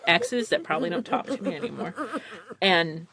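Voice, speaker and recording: A woman hosting a casual podcast chat, speaking with a slight lisp and animated, lively delivery. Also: on the low side, normal speed, vocal fry. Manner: lively, animated, full of acted-out quotes. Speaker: podcast host.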